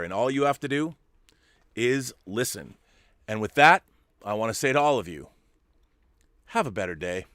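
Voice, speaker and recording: A man hosting a casual livestream, reading viewer super chats aloud and answering them in a chatty way with quick asides. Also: lowish voice, pushed and bright, dry recording, studio quality. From California.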